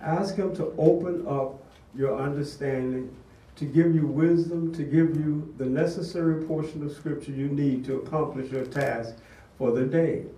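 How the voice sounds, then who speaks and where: A man's voice: on the high side, fairly even intonation, moderate pace, warm tone. An older man giving a sermon-style testimony, telling a story in an earnest way. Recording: echoey room, distant mic.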